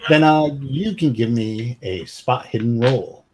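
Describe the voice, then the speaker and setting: A man narrating as game master of a tabletop game, halting and stammering with fillers. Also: medium pitch, darkish tone, slight background noise.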